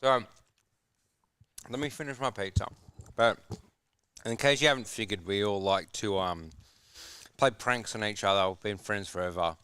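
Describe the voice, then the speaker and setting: Low, smooth young man. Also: moderate pace, long pauses, no room sound. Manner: relaxed, talks while eating, quieter. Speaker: guest. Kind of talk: casual storytelling.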